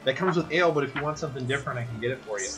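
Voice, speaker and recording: A chirpy young tavern barmaid with a high, bright voice, welcoming and eager to serve, as a game master puts her on. Soft music plays behind her. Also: expressive, rapid-fire, close to an everyday voice. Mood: friendly. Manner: polite, chirpy hostess talk. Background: background music.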